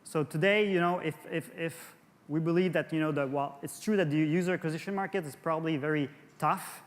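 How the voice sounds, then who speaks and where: This conference speaker, a French Canadian man with a fairly high voice, talks a little fast while he presents to an industry audience. He trips over words, starts again and repeats himself, all echoing with a big hall's long reverb.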